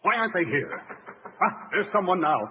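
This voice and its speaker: A man's voice: high voice, lively intonation, normal speed. A man playing a panicky client in a 1940s radio comedy, flustered and pleading. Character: panicky, fretful male client. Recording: lo-fi old radio broadcast, echoey, hissy.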